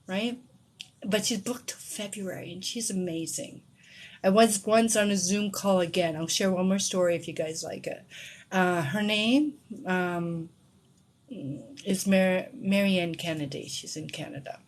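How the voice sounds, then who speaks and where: A middle-aged woman and tarot reader telling a personal story to her viewers, shifting between hushed whispers and excited outbursts. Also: medium pitch, a little slow.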